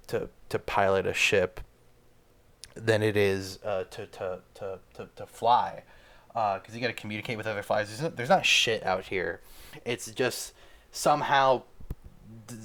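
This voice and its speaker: A man with a low, smooth voice rambles through a jokey podcast monologue, tripping over his words and swearing freely. His tone stays loose and comedic as he riffs on his own nonsense. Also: fairly bright tone. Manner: rambling, stammering, crude. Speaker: podcast host.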